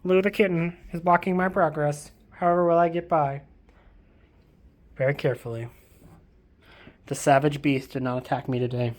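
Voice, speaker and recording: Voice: medium pitch, fairly even intonation, moderate pace, long pauses. A book vlogger giving a casual, rambling bookshelf tour at home, joking, swearing casually and slipping into silly voices. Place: home, walking between rooms.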